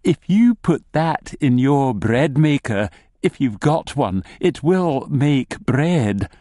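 Sly, secretive male gnome, slow and hushed, dry close read, acted by a man. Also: medium pitch, very animated, dry recording, pitched above the performer's own voice. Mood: insistent. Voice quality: slow, deliberate, hushed delivery. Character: sly, cryptic male gnome, a pub regular.

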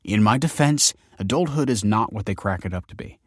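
A man's voice: fairly low pitch, lively intonation, brisk, breathy edge, no echo, clean studio sound. A man voicing an earnest, troubled young man who talks in a glum, self-deprecating way.

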